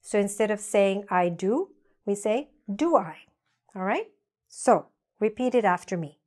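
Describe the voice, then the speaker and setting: A woman teaching an English grammar lesson, speaking deliberately and leading repeat-after-me drills. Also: medium pitch, lively intonation, darkish tone. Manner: slow, deliberate, drills with repetition.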